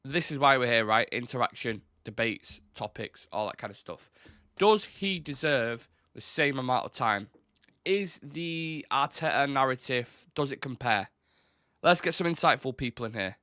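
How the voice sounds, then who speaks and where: Bright-voiced man hosting a football stream. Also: mid-range voice, animated, moderate pace, no room sound, clean studio sound. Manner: chatty, swears casually, reads out viewer comments. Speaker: football fan channel host. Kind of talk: casual live-stream football chat.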